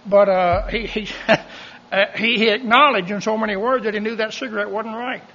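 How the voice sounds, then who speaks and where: Pastor, man, punchy bright tone, joking asides, muffled lo-fi sound. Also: sits high, normal speed. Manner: folksy, animated, joking asides. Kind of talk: sermon.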